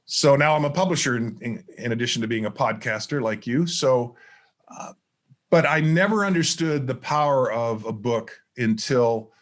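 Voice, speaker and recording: A middle-aged man, a motivational speaker appearing as a podcast guest, telling stories in a lively way and acting out the dialogue. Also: mid-range voice, normal speed. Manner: animated storyteller who acts out dialogue. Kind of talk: storytelling interview chat.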